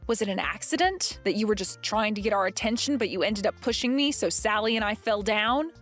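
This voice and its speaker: A woman's voice: medium pitch, lively intonation, a little fast, a bit bright, faint music behind. A woman voicing a young pregnant wife who firmly confronts her mother-in-law in a dramatized text-message story. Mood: accusing. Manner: firm, demanding answers.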